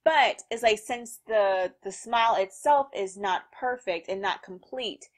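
A woman reading a manga aloud and reacting to it in a lively, slangy way, laughing often. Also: mid-range voice, measured pace.

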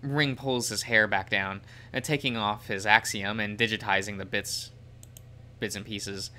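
A man's voice: on the low side, steady tone, a little slow, sharp tone. A man reading a visual novel aloud as the show's host, in plain narration. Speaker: game reader.

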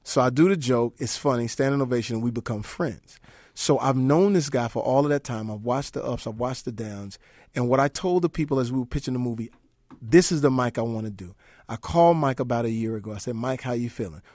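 A man in his forties, a guest telling stories on a radio show with lively impressions and shouted punchlines. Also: mid-range voice, fairly quick, dry recording, studio quality. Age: 40s. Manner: animated, does voices and shouts in his stories. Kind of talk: casual storytelling with impressions.

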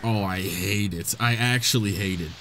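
A man's voice: fairly low pitch, moderate pace, fairly bright tone, slight background noise. A young man hosting a let's-play, commentating casually and joking back at the game's characters. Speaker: gaming channel host.

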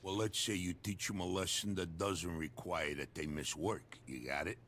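An actor playing a shrewd middle-aged dockside crime boss who talks in a streetwise, persuasive way. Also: male voice, deep voice, fairly even intonation, moderate pace, a bit bright, slight background noise. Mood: scheming.

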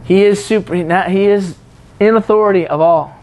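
A man's voice: high-pitched, moderate pace, darkish tone. A man preaching a sermon in a conversational way, teasing and mimicking what others say in prayer.

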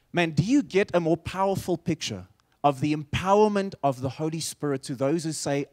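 A male pastor preaching a sermon in church, telling a story with emphatic, animated delivery. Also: high voice.

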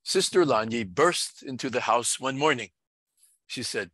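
Earnest pastor telling a story. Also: male voice, medium pitch, lively intonation, fairly bright tone, husky, no echo. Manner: measured, earnest storytelling with quoted dialogue. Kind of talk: storytelling sermon.

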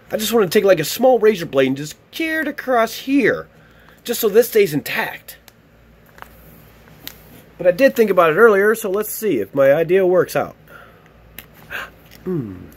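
A man opening fan mail on camera in an excited, gushing, exclamatory vlog chat. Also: high voice, a little hiss or hum. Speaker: YouTube vlogger opening mail. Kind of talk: excited casual unboxing chat.

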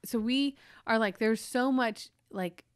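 A woman in her forties co-hosting a podcast, telling a family story with lively emotion and many restarts. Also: fairly high pitch, takes it slowly, clear, resonant tone, no echo, clean studio sound. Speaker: podcast co-host. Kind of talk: casual storytelling chat.

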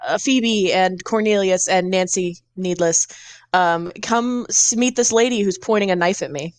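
A woman playing a tabletop role-playing game, answering in character with quick, sassy lines. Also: medium pitch, no room sound. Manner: sassy, quick, laughs at own slips. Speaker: player.

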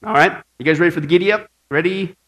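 A man's voice: sits high, fast. A man preaching a sermon, opening with a long joke and then turning to teaching, tagging many lines with "right?" to draw in the congregation. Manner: animated storyteller, tags lines with "right?". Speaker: pastor.

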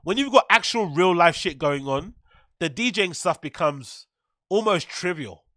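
A man's voice: high voice, lively intonation, a little slow, bright, forceful tone, no echo, studio quality. A young man hosting a podcast, reading an article aloud and breaking off into loose, profane, joking commentary. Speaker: podcast host.

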